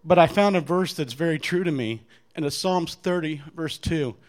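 A man giving an earnest personal faith testimony to an audience, animated as he acts out other people's lines, with frequent restarts. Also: on the high side, moderate pace. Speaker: guest speaker giving testimony.

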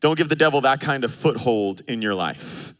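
A pastor in his thirties delivers a sermon in a bright, forceful voice. He is animated and joking, and he acts out both sides of quoted arguments. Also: mid-range voice, moderate pace.

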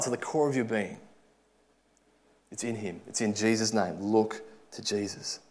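A man preaching a sermon, earnest, swinging from loud urging to soft, quiet asides. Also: fairly low pitch, unhurried, long pauses.

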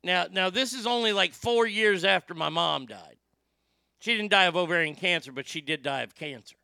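Male talk host, brash profane storyteller; clear, smooth voice. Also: high voice, normal speed, dry recording, studio quality. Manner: profane, loud and emphatic storyteller. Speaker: radio show host.

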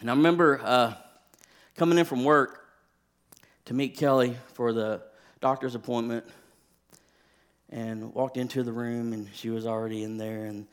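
A man in his thirties, a pastor, telling a personal story in a sermon, shifting from hushed, quiet stretches to rising, impassioned preaching. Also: medium pitch, steady tone, moderate pace, pauses often, clear, resonant tone.

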